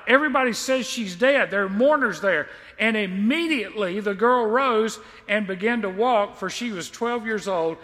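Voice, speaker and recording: A male pastor preaching a sermon and reading scripture, by turns emphatic and quietly confiding. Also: fairly high pitch, long reverb tail. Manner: emphatic, swells loud on key lines, then drops quiet and confiding.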